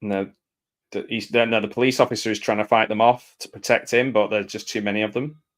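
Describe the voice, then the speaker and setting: A man giving casual live commentary over a film, reacting aloud and often dropping into quiet mumbled asides. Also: lowish voice, steady tone, fairly quick.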